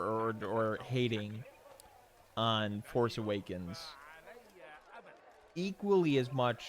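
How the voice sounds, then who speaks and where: A man's voice: medium pitch, fairly bright tone. A young man streaming from home, chatting casually and rambling between game moments, with plenty of swearing and "like". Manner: rambling and profane, with frequent "like" and restarts. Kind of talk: casual chat while gaming.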